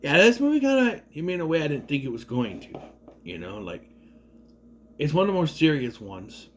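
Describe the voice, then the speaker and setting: A man casually retelling and reviewing a movie in a rambling, animated way with lots of fillers. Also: a little high, a little fast, slight background noise. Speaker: video reviewer.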